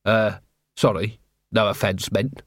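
A man's voice: on the low side, level tone, slow, no room sound, pitched below the performer's own voice. A man voicing a dry, world-weary middle-aged watch captain in an audiobook.

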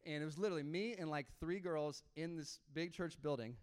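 Smooth-voiced young man preaching. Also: fairly high pitch, a little fast. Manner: casual, animated storytelling with laughs and quoted dialogue. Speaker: pastor. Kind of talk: sermon storytelling.

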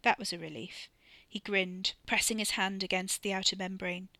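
A woman narrating an audiobook in a steady, measured storytelling voice. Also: medium pitch, no echo. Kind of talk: scripted narration.

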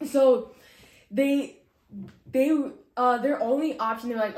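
A woman's voice: on the high side, fairly even intonation, slow pace, pauses often, a little mellow, reverberant. A young woman casually sharing an emotional personal testimony, full of "like" and "you know". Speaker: guest sharing her testimony.

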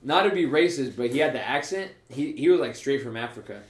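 A man's voice: medium pitch, expressive, brisk. A young man co-hosting a casual podcast, loose and profane, saying bro a lot. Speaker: podcast co-host and college soccer player. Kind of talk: casual chat. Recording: echoey room.

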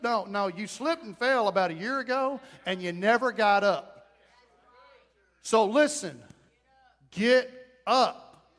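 A middle-aged pastor preaches with folksy emphasis, swinging from loud calls down to low asides. His voice sits high for a man. The church sanctuary gives it a long, trailing reverb. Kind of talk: sermon.

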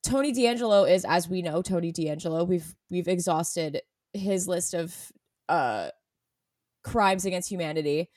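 A woman chatting casually as a podcast co-host, animated and sarcastic when she reads quotes aloud. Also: fairly low pitch, unhurried, no room sound, clean studio sound. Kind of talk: casual chat.

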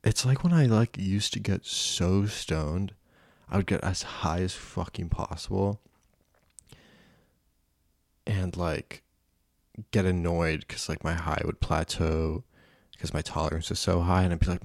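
A man's voice: sits low, fairly even intonation, measured pace, creaky, pauses often, no room sound, studio quality. A young man hosting a casual solo podcast, rambling and self-deprecating, swearing often. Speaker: podcast host.

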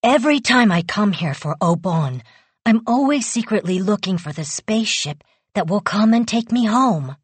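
A woman voicing a quiet, serious young boy who believes he is an alien, speaking in a calm, earnest, matter-of-fact way. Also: medium pitch, moderate pace, husky, no echo, pitched above the performer's own voice.

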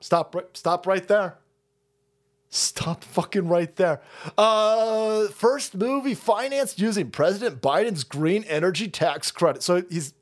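Male streamer, high animated voice, foul-mouthed mocking rant. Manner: foul-mouthed, mocking, laughing, swings between loud and muttering. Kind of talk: profane political rant.

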